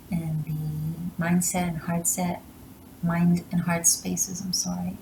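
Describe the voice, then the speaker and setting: A woman's voice: fairly low pitch, echoey room, background noise. A woman giving a tarot reading and handing out blunt, emphatic advice. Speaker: tarot reader.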